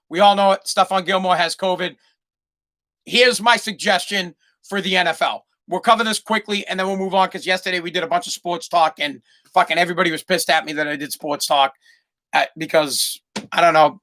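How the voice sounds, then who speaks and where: On his solo podcast, a man rants heatedly and swears constantly. His voice sits high and has a sharp tone.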